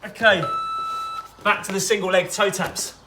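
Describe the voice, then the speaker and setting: A man's voice: high voice, flat delivery, measured pace. A man coaching a workout outdoors, chatty and instructive with personal asides. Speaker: fitness coach.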